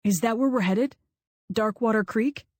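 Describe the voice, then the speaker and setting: A woman's voice: on the high side, moderate pace, a little mellow, dry recording, clean studio sound, close to an everyday voice. A woman voicing an easygoing teenage honor student in an audiobook, speaking in a casual, offhand way.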